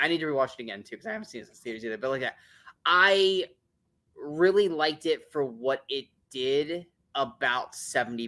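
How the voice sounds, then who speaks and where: A man's voice: mid-range voice, bright, forceful tone. A man co-hosting a casual movie-review podcast, blunt and opinionated, swearing often and restarting his sentences as he rambles.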